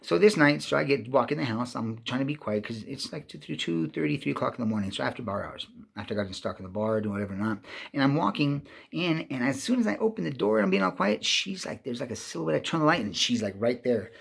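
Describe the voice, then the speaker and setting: A man's voice: medium pitch, lively intonation, fast talker, creaky, husky. A man telling a personal story in a rambling, profane monologue, agitated and often restarting mid-sentence. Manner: profane, agitated, many restarts and repeated words.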